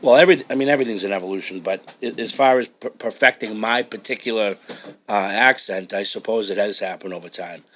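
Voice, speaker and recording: A man's voice: on the low side, fast, fairly bright tone, a little hiss or hum. A man with a South Shore Massachusetts accent, a truck driver chatting as a podcast guest in a blunt, profane, joking way. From Massachusetts, USA. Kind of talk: casual chat.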